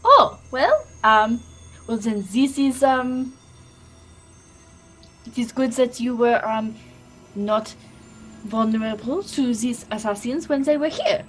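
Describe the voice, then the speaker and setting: A woman's voice: a little high, expressive, a bit bright, faint music behind. A woman voicing a polite young noblewoman who speaks formally and hesitantly, unsure of her newly found magic. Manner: hesitant, formal, many pauses.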